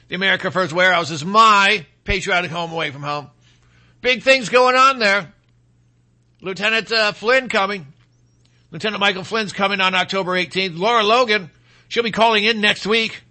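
A man's voice: sits high, bright, forceful tone. A man hosting a podcast with opinionated political commentary, talking in a rambling, sarcastic way full of asides and restarts. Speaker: podcast host.

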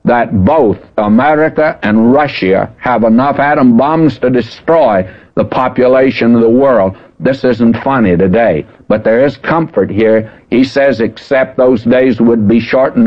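Older guy preacher, folksy, leans hard on scripture quotes, mid pitch, dull lo-fi radio sound. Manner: folksy, emphatic, slows to stress quoted scripture. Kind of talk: radio Bible teaching. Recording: dull old radio broadcast.

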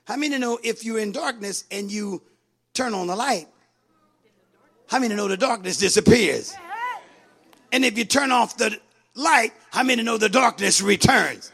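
A man preaching a sermon in an animated way, calling out to the congregation. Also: high voice, moderate pace, creaky, pauses often, breathy edge.

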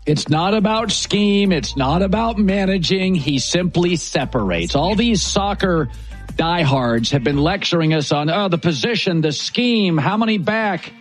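A man's voice: high-pitched, lively intonation, a little slow, soft background music. A man hosting a sports talk show, giving emphatic, opinionated takes in a declarative way.

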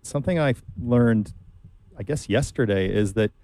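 A man hosting a conversational talk program, speaking in a relaxed, unhurried way with frequent ums and uhs. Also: medium pitch, no echo. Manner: relaxed, hesitant with many fillers. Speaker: host. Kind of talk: casual radio talk.

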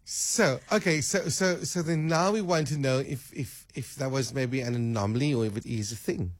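A man's voice: medium pitch, moderate pace, no echo, clean studio sound. A man hosting a casual radio chat, playful and full of stammered restarts. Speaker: radio host.

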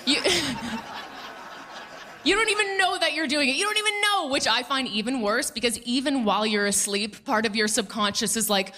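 A woman in her thirties performing a stand-up comedy set on a club stage, animated and quick to mimic people in her stories. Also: high-pitched.

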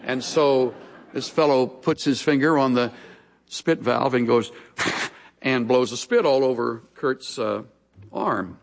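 A man's voice: medium pitch, takes it slowly, creaky. A male pastor preaching a sermon, telling stories with folksy humorous asides in a large church hall. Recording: long reverb of a large hall.

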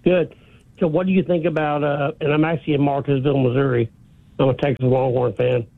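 Gravelly male caller on phone line. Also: fairly high pitch, little pitch movement, fairly quick, no echo. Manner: friendly, direct questions.

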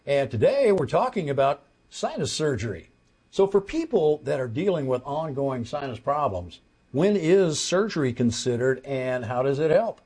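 A man's voice: a little high, very animated, normal speed, a little mellow, breathy edge. A man hosting a short health interview segment on the radio, asking polite, brief questions.

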